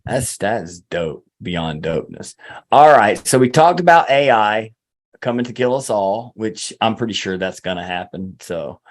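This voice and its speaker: A man's voice: on the low side, animated, moderate pace. A man co-hosting a podcast in casual chat, rambling and swearing, with lots of fillers. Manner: rambling, profane, filler-heavy. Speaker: podcast co-host.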